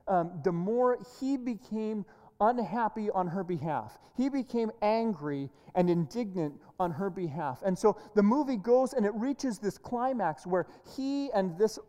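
Brief: earnest woman preacher with a warm, relaxed tone, given to restarts, heard in a reverberant hall. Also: mid-range voice. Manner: earnest, with frequent word repeats and restarts. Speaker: pastor. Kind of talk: sermon.

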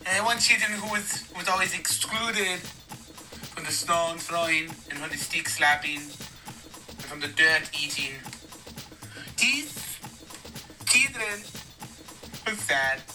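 A man's voice: on the high side, animated. A man playing a solemn male priest delivering a rambling mock sermon, recorded from a distance with faint music behind. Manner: slow, rambling, grows tearful and shouting.

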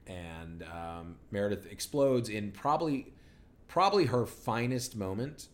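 A man's voice: on the low side, expressive, unhurried. A man co-hosting a podcast, recapping a TV episode in rambling, sardonic casual chat full of fillers. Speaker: podcast co-host.

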